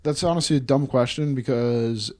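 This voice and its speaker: A young man with a mellow, relaxed tone, co-hosting a podcast with loose banter. He talks in a casual way that turns excitable, jokes around and swears freely. His pitch sits in an ordinary middle range. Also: normal speed, a little hiss or hum. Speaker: podcast co-host. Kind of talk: casual chat.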